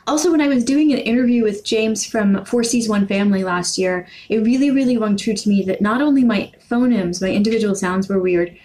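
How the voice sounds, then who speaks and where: An American woman from the Northeast, with some Canadian-sounding vowels, vlogging casually about language, rambling and correcting herself, with quirky intonation that jumps up when she gets excited. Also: medium pitch, fairly quick, hardly any pauses, low-quality recording. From New York and Pennsylvania, USA. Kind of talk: casual talking-to-camera vlog.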